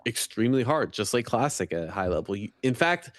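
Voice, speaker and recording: A man talking on a podcast with a lively, rising and falling voice. He explains eagerly and keeps reaching for words. The sound is dry and close. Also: mid-range voice, fairly quick, no room sound. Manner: explains eagerly with many fillers. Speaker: guest fighting game player. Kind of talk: casual podcast chat.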